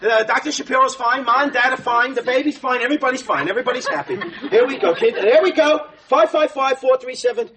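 A man's voice: very high-pitched, fast, hardly any pauses, pushed and bright. An actor playing a frantic young husband whose wife is in labor, stammering and tripping over his words. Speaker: expectant husband. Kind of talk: sitcom acting. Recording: studio audience laughter, noisy broadcast. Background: audience laughing.

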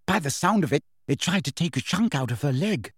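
A man's voice: on the high side, lively intonation, brisk, slightly rough, dry recording, clean studio sound. A man voicing a clever, hot-tempered teenage schoolgirl witch who talks sharply and indignantly. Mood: cross.

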